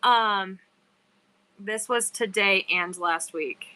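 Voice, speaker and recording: A woman hosts a casual live-selling stream, chatting with viewers and reading their bios aloud. Her medium-pitched voice is slow, bright and forceful.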